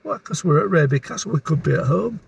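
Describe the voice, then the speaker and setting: A man's voice: on the high side, expressive, quick pace, creaky, distant mic, highs cut off, a little hiss or hum. An older man from Leeds who speaks with a posh English accent, chatting with dry, teasing humour. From Leeds, England. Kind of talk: casual chat.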